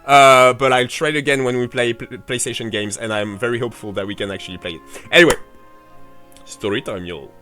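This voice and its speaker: A man's voice: mid-range voice, steady tone, a little fast, sharp tone, soft background music. A man streaming a game playthrough, chatting casually, rambling, swearing freely and answering his chat. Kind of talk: casual livestream commentary.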